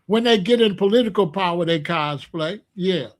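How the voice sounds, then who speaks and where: High-pitched man ranting on camera. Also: moderate pace. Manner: animated, with emphatic repetition and loud outbursts. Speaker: commentary vlogger. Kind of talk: casual ranting commentary.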